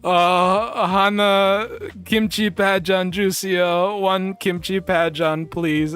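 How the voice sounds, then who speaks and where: A man streamer telling a story casually and reading chat, animated and laughing often. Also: smooth. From United States. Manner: animated, laughs often, jumps up in pitch for quoted bits.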